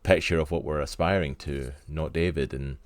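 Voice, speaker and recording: A man's voice: extremely low pitch, steady tone, normal speed, no echo. A Scottish man co-hosting an interview, talking earnestly in a rambling way with lots of fillers. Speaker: podcast co-host. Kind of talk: casual interview chat.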